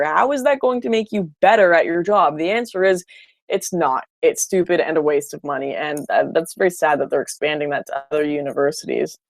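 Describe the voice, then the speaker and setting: A woman's voice: deep voice, fairly quick, vocal fry, dry recording, clean studio sound. A woman hosting a casual livestream, answering viewer comments in a blunt, opinionated way with frequent restarts. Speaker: livestream host.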